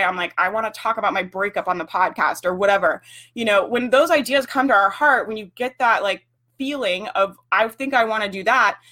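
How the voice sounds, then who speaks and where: A young woman talks to her livestream audience in a loose, blunt way. She peppers her speech with "like" and the occasional swear word, and her voice sits at a middle pitch. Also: pushed and bright. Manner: frank, swears freely, lots of filler "like". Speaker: livestream host coaching business owners. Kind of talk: casual livestream talk.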